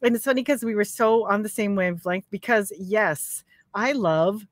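A woman's voice: mid-range voice, normal speed, dry recording. Woman from Canada, casual livestream chat, chatty, laughs a lot, dry close mic. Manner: chatty, laughs often, lots of "like". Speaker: co-host.

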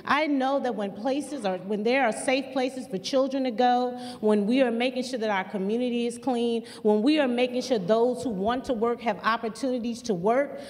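Woman, community leader talking to a crowd, earnest and repeats herself for punch, kinda high voice, big echoey hall. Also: a little mellow. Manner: earnest, repetitive, preacher-like emphasis. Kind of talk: impassioned public remarks. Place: museum auditorium. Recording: long hall reverb.

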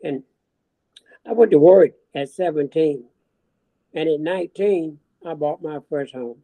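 A man in his seventies from the American South giving a personal testimony, earnest and halting, with frequent restarts. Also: fairly high pitch, gravelly, dark tone, rough recording. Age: 70s. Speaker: church member giving testimony.

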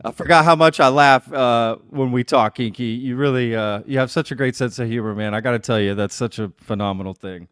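A man's voice: mid-range voice, brisk, hardly any pauses, a bit bright, clear, resonant tone, no echo, clean studio sound. A male host in a casual interview chat who reacts with enthusiasm and laughs easily.

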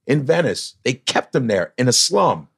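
A man talking as a guest on a comedy podcast, emphatic and a little profane, often slipping into quick mimicked voices. His voice sits at an ordinary middle pitch. The sound is dry and close, with no room around it. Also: vocal fry, breathy edge, no echo. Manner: animated, breaks into mimicked voices. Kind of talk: casual chat.

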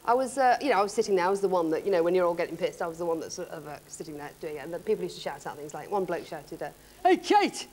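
A woman's voice: lowish voice, rapid-fire, few pauses, darkish tone, faint music behind. A woman guest on a talk show, chatty and jokey, laughing often as she talks. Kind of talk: casual chat interview.

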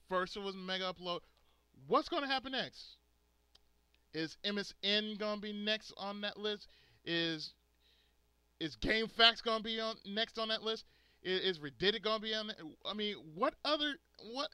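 Angry guy cussing on his gaming channel, forceful tense voice, real dry sound. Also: high-pitched, smooth, no echo. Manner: angry, profane, emphatic ranting. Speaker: gaming video host. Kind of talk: angry rant to subscribers.

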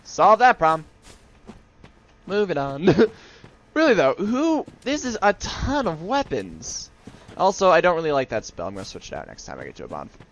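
A man giving live gameplay commentary as a let's-play host, excitable and joking to himself, yelling at enemies. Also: a little high, normal speed, pauses often, dull audio, slight background noise.

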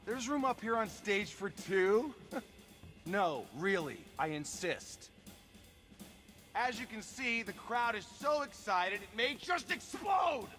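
A man's voice: sits high, very animated, takes it slowly, fairly bright tone, soft background music, full character voice. An actor playing a flamboyant male showman villain who teases in theatrical stage banter. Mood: mocking showman.

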